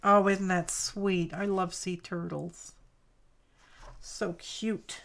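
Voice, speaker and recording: A woman's voice: fairly low pitch, little pitch movement, extremely slow, gravelly, fairly bright tone, slight background noise. A woman hosting a craft livestream, chatting casually and cooing over mail she opens, a little tired. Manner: cooing and chatty, greets viewers by name. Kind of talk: casual chat opening mail.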